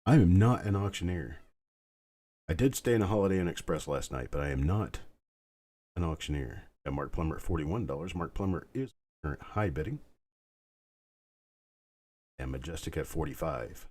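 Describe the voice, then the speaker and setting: Male auction host, deep voice, slightly husky, calm and soothing bid calls. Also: normal speed, pauses often. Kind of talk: live online auction calling.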